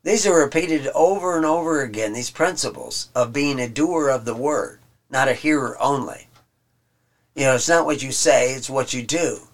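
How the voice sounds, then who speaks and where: Guy leading a bible study, mid-pitched voice, stops and restarts a lot, goes through it word by word. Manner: halting, restarts often, explains word by word. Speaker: Bible teacher. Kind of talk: informal Bible study teaching.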